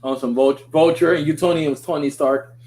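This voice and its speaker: A man hosting a podcast, reading a script aloud and breaking off into excitable, riffing commentary. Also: a little high, moderate pace. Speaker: podcast host. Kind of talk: casual chat while reading a script aloud.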